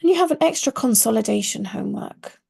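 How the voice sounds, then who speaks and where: A woman's voice: a little high, animated, fast talker, creaky, darkish tone, slightly rough. A woman teaching Quranic Arabic in an online course, explaining patiently and stressing key words.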